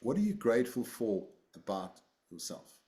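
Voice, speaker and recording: A man's voice: mid-range voice, big pitch swings, normal speed, warm tone. A man leading a casual group session over a video call, rambling and self-deprecating, often repeating his words. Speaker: group facilitator.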